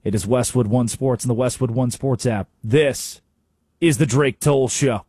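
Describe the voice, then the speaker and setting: A man's voice: medium pitch, measured pace, dark tone, no room sound, studio quality. A man hosting a sports talk radio show, delivering an emphatic, opinionated monologue.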